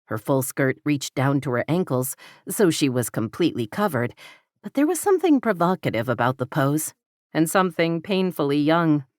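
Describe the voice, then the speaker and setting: A woman reading an audiobook romance novel in a measured, steady manner. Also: sits low, no room sound, studio quality. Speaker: audiobook narrator. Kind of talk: scripted romance narration.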